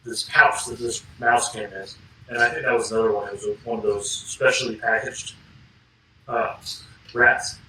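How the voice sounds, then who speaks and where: A man co-hosting a podcast, talking in a relaxed, rambling way and sometimes searching for words. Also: mid-range voice, normal speed, a little hiss or hum. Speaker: podcast co-host. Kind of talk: casual chat. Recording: roomy, mic a bit distant.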